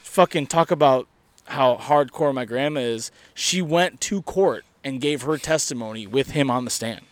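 A man's voice: medium pitch, normal speed, dry recording. A young man on a podcast, rambling and swearing through a story in casual chat, laughing as he goes. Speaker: podcast co-host.

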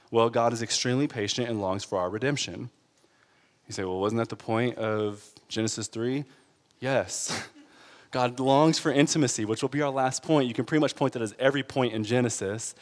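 Man, pastor, lively sermon, fairly high voice, long reverb. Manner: animated, laughs often, asks the crowd "right?". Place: church sanctuary.

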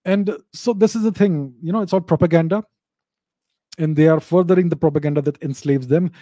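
Opinionated man, dark dry voice. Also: fairly high pitch, steady tone, a little fast, no echo. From India. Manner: opinionated, repeats and restarts words. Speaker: commentator. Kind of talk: casual spoken commentary.

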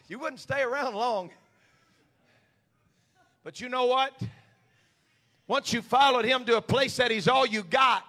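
A male pastor preaching a sermon, swinging from quiet confiding talk to shouted, impassioned preaching. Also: extremely high pitch, measured pace, pauses often.

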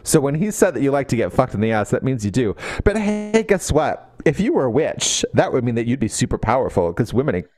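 A man voicing a vengeful middle-aged witch mother who speaks low and blunt, menacing at first. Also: sing-song, fairly quick, few pauses, lightly acted. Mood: matter-of-fact.

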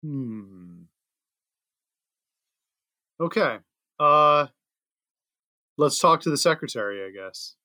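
A man's voice: a little high, animated, takes it slowly, pauses often, sharp tone, dry recording, clean studio sound. A man playing in a tabletop role-playing game, talking casually and a little hesitantly. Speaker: player. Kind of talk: casual chat.

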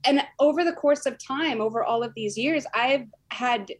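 A woman's voice: high-pitched, normal speed. A woman who runs a small business, chatting casually and saying "like" often. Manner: chatty, fond of "like". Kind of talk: casual chat.

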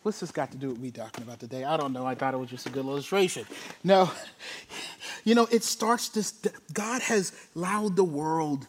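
A man delivers a sermon in a strikingly high voice. He moves between loud, pressing preaching and near-whispers. Between the big lines he drops into casual asides full of "you know" and "like". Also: lively intonation, normal speed, husky. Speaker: pastor.

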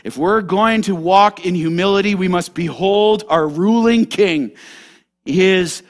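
A man pastor preaching a sermon to a congregation, animated and direct, moving between loud emphasis and hushed asides. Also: high voice, a little slow. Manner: animated, talks straight to the congregation.

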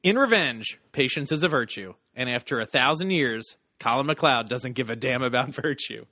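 A bright, animated man hosting a casual podcast chat. He reads text aloud and breaks into laughter now and then. The sound is dry and close. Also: medium pitch, normal speed, no room sound. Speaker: podcast host.

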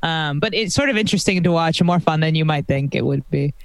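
A woman's voice: deep voice, fast, dry recording. A woman in her twenties co-hosting a podcast, chatting loosely and wryly with lots of "like" fillers. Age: 20s. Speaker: podcast co-host. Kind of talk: casual comedic chat.

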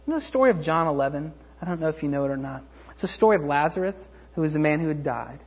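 A man preaching a sermon, retelling a Bible story in a loose, conversational way with many fillers, then rising to a fervent pitch. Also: expressive, rapid-fire, slightly rough, muffled recording. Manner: acts out quoted voices, rises to a fervent pitch when preaching. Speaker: pastor.

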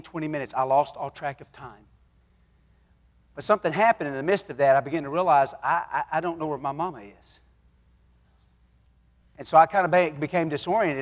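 Preacher man in a reverberant hall. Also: on the high side. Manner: folksy storytelling, swinging from loud exhortation to hushed tones. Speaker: pastor. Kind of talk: sermon. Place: church sanctuary.

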